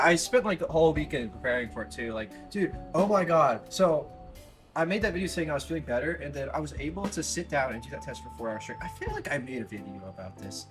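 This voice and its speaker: A man's voice: medium pitch, rough recording. Rambling, foul-mouthed young man. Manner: rambling, swears often, heavy fillers. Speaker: college student vlogger. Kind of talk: casual chat. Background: music.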